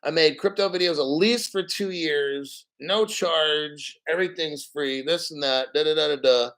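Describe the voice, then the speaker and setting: A man's voice: a little high, a little slow, a bit bright. Blunt, profane man ranting on a livestream. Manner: mocking put-on quotes. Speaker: crypto channel host. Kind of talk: casual livestream rant.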